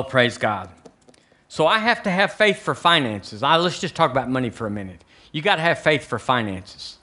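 A middle-aged man with a Southern American accent, preaching an animated sermon in a church, with joking asides to the congregation. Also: medium pitch. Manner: animated preaching, rising to near-shouted emphasis on scripture; chatty asides and jokes with the congregation. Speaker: pastor. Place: church sanctuary.

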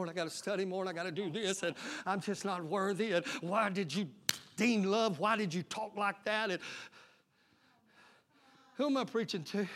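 A pastor preaching a sermon, breaking into shouted, call-and-response bursts. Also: male voice, very high-pitched.

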